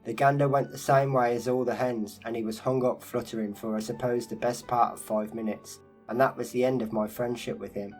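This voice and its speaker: A man giving a measured, unhurried narration of a first-person life story. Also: medium pitch, steady tone, faint music behind, rough recording. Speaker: narrator reading a first-person memoir interview. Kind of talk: scripted narration.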